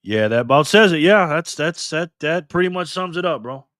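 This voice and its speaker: A man's voice: fairly high pitch, animated, moderate pace, a bit bright, no echo. Man, live-stream host, joking and loose, reading chat aloud, dry close sound. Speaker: livestream host.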